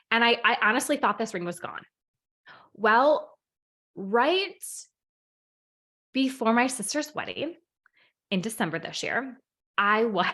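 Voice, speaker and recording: Animated woman telling a personal story. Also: a little high. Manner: animated, excitable, peppered with "like". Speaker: manifestation and meditation coach. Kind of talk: casual storytelling to camera.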